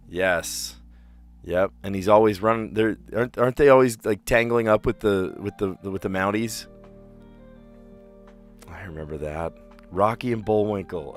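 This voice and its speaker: Guy streaming word puzzles, thinks out loud, lots of restarts, low voice, slow. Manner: reads clues aloud and muses with frequent restarts. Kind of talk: casual thinking-aloud chat.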